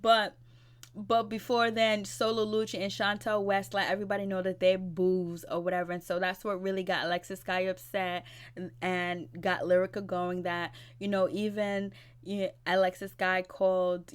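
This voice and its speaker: A woman's voice: medium pitch, smooth. Chatty woman recapping a reality show. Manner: chatty, gossipy retelling. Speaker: TV recap vlogger. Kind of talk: casual episode recap.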